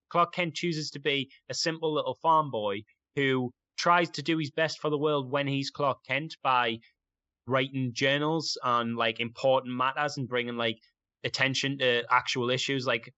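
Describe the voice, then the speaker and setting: A man's voice: medium pitch, bright, forceful tone, clear, resonant tone, no echo, lo-fi sound. A young man chatting casually and enthusiastically, rambling with lots of fillers. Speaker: podcast guest. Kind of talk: casual chat.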